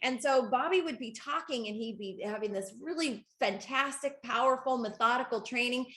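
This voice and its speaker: Upbeat woman coach on a group call, kinda high voice, laughs a lot, roomy echo. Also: moderate pace. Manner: excitable, laughing, talks to the audience directly. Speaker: network marketing coach.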